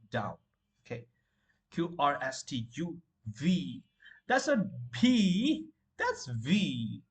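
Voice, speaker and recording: A man's voice: medium pitch, fairly bright tone. A man teaching beginners to pronounce letters, repeating each word and correcting common mistakes. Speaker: English teacher. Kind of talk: beginner pronunciation lesson.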